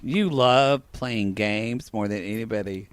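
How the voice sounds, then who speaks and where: A man's voice: on the low side, unhurried, clear, resonant tone. A man co-hosting a podcast, recapping reality TV in bawdy, jokey casual chat. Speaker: podcast co-host.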